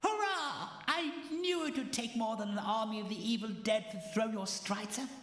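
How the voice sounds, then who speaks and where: A performer voicing a cheerful, excitable character in a video game, speaking high and eagerly. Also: moderate pace, close to an everyday voice. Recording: faint echoey game audio.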